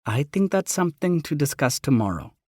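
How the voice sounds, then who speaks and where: Guy reading as a soft caring mom, higher voice, calm and motherly, audiobook. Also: a little fast, no room sound, clean studio sound. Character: gentle caring middle-aged mother.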